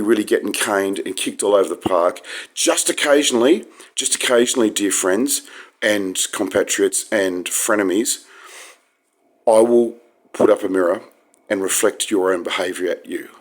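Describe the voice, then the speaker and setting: Very deep-voiced rambling man. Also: normal speed. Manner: wry, digressive, with sudden emphatic pitch jumps. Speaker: vlogger. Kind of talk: rambling casual monologue.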